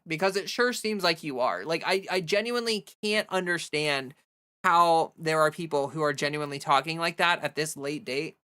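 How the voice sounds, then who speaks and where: At a moderate pace and low pitch, she chats on a casual stream, reading messages and venting with animation. "Like" comes up constantly, and she often stops and starts over.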